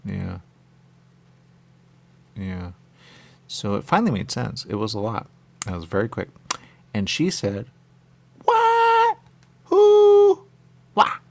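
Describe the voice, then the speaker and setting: Gravelly man rambling on the radio. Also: on the low side, measured pace, long pauses. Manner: meandering, repeats catchphrases, acts out quoted voices. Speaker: radio show host. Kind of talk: rambling monologue.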